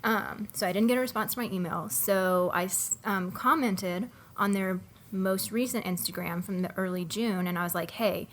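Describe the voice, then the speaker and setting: A young woman co-hosting a podcast, telling a long story in a casual, animated way with many fillers. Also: mid-range voice, moderate pace, hardly any pauses, a little hiss or hum. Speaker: podcast co-host. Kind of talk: casual chat.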